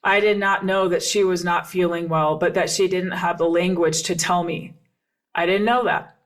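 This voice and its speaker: A woman's voice: lowish voice, fairly even intonation, moderate pace. Earnest middle-aged woman telling a story. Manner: earnest and reflective, repeats phrases for emphasis. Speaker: podcast host and coach. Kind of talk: personal storytelling monologue.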